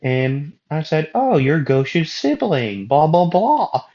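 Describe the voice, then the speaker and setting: A man voicing a brash young male fighter who shouts his complaints, recorded on a dull lo-fi mic. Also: on the high side, very animated, slow, voice pushed up, exaggerated voice. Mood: exasperated.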